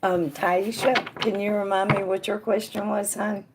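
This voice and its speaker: A woman hosting a casual live tarot reading, chatting with viewers by name and dropping to a quiet murmur when she puts questions to the cards. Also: mid-range voice, flat delivery, moderate pace, slight background noise. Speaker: tarot reader and stream host.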